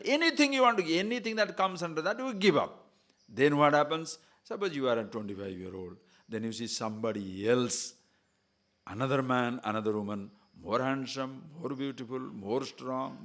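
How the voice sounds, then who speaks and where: A man's voice: medium pitch, a bit bright. A male spiritual teacher giving a lecture on scripture. He talks earnestly, builds points in lists and keeps telling listeners to listen carefully.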